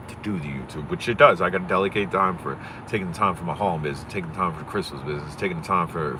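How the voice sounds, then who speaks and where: A man from Pennsylvania talking fast and profanely on a casual livestream, swaggering and rambling, recorded on a phone outdoors. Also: low voice, noisy background.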